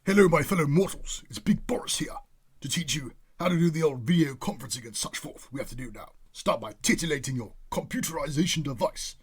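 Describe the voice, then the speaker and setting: A man's voice: a little high, animated, fast, slightly rough, faint music behind. A man putting on a pompous, bumbling posh English politician with plummy, old-fashioned phrasing for a comedy sketch.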